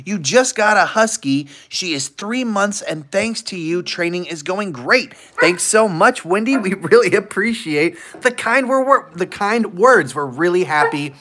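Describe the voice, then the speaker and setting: An upbeat livestream host reading out chat names and laughing often. The talk is casual and relaxed. The pitch swings up and down a lot. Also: a little slow, few pauses, background noise. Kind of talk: casual live-stream chat.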